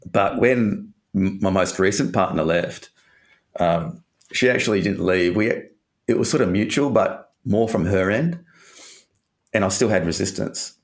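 A man's voice: deep voice, measured pace. A man from Australia telling a candid personal story in an interview, rambling and swearing casually.

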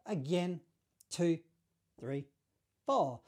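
A man's voice: on the high side, drawn-out words. Easygoing man teaching saxophone. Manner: relaxed, encouraging, scats the phrases with syllables. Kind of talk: online music lesson.

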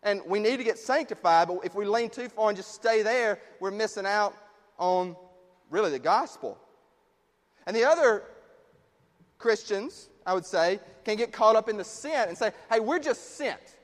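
A man preaching a sermon in a conversational way, dropping low and quiet on his key points. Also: lively intonation, normal speed, long reverb tail. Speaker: pastor.

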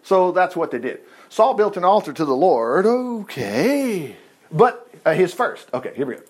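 High-voiced guy reading a bible story, keeps stopping for excited asides. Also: moderate pace, husky. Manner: animated, digressive asides. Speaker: Bible teacher.

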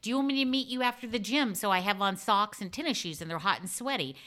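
A woman's voice: medium pitch, expressive, fast talker, sharp tone. A woman talking frankly and with animation as an interview guest, laughing often. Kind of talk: casual interview chat.

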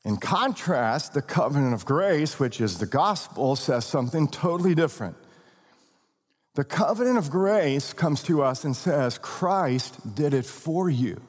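A man preaching a sermon, stressing words slowly and often checking that the congregation follows. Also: fairly high pitch, lively intonation, slightly rough, long reverb tail. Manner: emphatic preaching with slow drawn-out stresses and questions to the congregation. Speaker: pastor.

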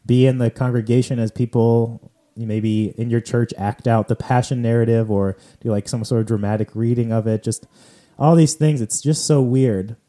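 A man's voice: mid-range voice, steady tone, normal speed, dark tone. A man hosting a church podcast, talking in a loose, conversational way with plenty of fillers. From California. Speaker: podcast host. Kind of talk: casual chat on church readings.

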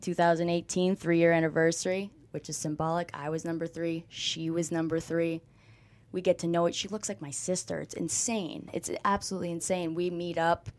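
A young woman, a guest on an interview show, telling her story with lively energy and acting out what people said. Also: lowish voice. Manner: animated storyteller, acts out quoted dialogue, frequent "like". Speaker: guest, former college softball player. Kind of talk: conversational interview.

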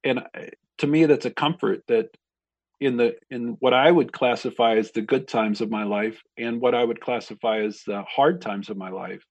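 A man, a pastor, talking through a Bible passage in a reflective, measured way with frequent pauses. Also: medium pitch, dry recording, highs cut off. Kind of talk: conversational Bible discussion.

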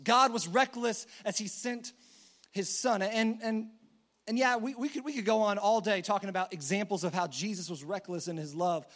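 A man preaching a sermon in a casual, conversational storytelling manner. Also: high voice.

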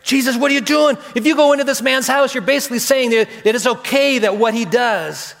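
A man voicing an angry townsman who loudly protests and complains. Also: very high-pitched, a little fast, vocal fry, voice pushed up, heavily acted. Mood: indignant. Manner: loud, protesting, indignant. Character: angry townsman grumbling at Jesus. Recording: echoey hall.

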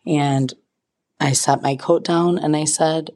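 Her pitch is extremely low, a little mellow, and fairly even in intonation as this young woman hosts a podcast at normal speed. She's casually telling a humorous personal story laced with self-mocking, dramatic remarks.

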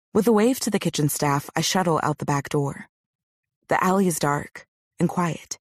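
A woman narrating a novel in the first person, with a measured, intimate reading on a close studio mic. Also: deep voice, a little mellow, dry recording. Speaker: audiobook narrator.

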